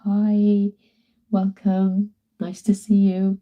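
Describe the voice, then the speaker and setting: A woman's voice: mid-range voice, completely flat delivery, very slow, mellow, lo-fi sound. A woman with a British accent, chatting casually to viewers on a live stream from home while she paints, greeting and thanking them by name. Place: at home, indoors.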